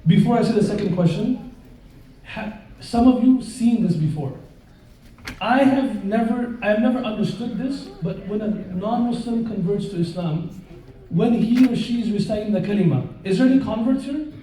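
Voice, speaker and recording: A man's voice: high-pitched, moderate pace, slight background noise. A man preaching a live sermon, telling stories and turning to question and joke with his audience. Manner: lively storyteller who questions and jokes with the audience. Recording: very roomy echo, voice far from the mic.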